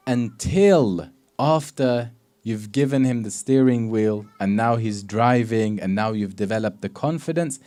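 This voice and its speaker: A man giving a religious sermon, telling stories and acting out dialogue, quoting Arabic, moving between soft passages and loud emphatic ones. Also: fairly low pitch. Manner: storytelling lecture with acted dialogue and Arabic quotes. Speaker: Islamic preacher.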